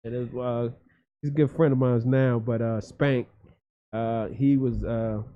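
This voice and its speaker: A man's voice: mid-range voice, fairly even intonation, unhurried, slight background noise. A man from Philadelphia, a guest comedian, telling stories in a loose, profane, rambling way full of fillers. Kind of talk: casual storytelling chat. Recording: dull lo-fi podcast audio.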